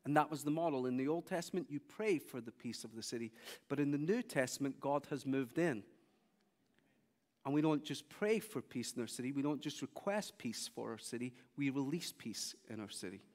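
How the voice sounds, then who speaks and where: Preaching in a large church hall, a man at medium pitch moves briskly through his sermon's stories. He is an animated storyteller, acting out the quoted speech of each character, and the recording has a big-room sound.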